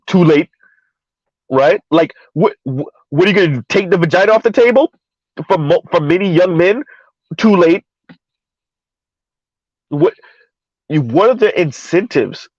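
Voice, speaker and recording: A man's voice: a little high, no echo, highs cut off. A man talking casually and emphatically, firing rhetorical questions and repeating himself. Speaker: podcast host. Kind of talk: casual debate talk.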